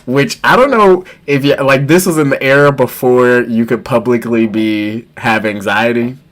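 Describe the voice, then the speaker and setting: A man's voice: medium pitch, normal speed. A man co-hosting a podcast, telling a childhood story in casual chat and laughing through it. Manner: animated storyteller who laughs through his anecdotes. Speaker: podcast co-host.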